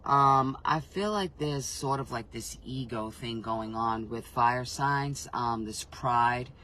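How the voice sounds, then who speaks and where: A man's voice: medium pitch, slow pace, sharp tone, slight background noise, poor audio. Rambling man giving a casual spiritual reading. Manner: rambling, self-interrupting, swears freely; frank, emotionally reactive. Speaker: intuitive reader.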